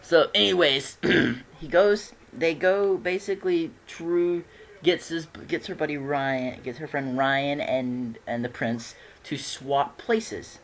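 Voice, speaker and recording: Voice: medium pitch, takes it slowly. A fan casually reviewing TV episodes, rambling with frequent restarts and giggles.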